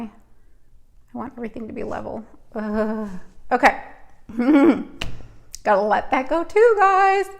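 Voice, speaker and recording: A woman's voice: fairly high pitch, gravelly. A woman hosting a live stream, giving a chatty, emotional card reading, teary and sniffly. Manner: emotional, tearful and laughing, chatty.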